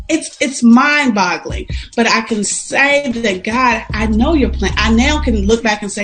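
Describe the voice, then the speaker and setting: A woman's voice: fairly high pitch, animated, unhurried, faint music behind. Emotional woman giving a faith testimony. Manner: emotional, faith-filled, reflective with laughs. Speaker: podcast guest. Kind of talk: testimonial interview talk.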